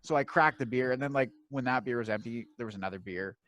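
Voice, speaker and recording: A man's voice: medium pitch, quick pace, fairly bright tone, dry recording. A man in his thirties, co-hosting a podcast, who tells stories in casual chat, swears often and acts out the people he quotes. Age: 30s. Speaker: podcast co-host.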